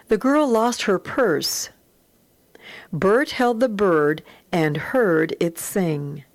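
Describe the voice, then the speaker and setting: A woman teaching a phonics lesson, reading word lists and sentences aloud slowly and deliberately. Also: on the low side, dry recording.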